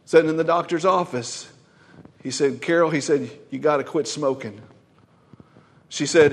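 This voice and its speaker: A man preaching a Pentecostal sermon, emphatic, swinging from loud exclamations to quiet asides. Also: fairly high pitch, normal speed, long pauses, big-room sound. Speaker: pastor.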